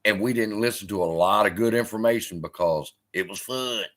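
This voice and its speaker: A man with a lowish voice speaks a little fast as he hosts a live stream. He chats casually with viewers, swearing often, animated and heckling the chat as he answers.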